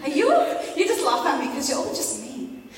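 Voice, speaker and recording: High-voiced woman preaching playfully. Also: very animated, brisk. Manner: chatty, playful, teasing the audience with questions. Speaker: youth preacher. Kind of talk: casual youth sermon. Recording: echoey hall from far off.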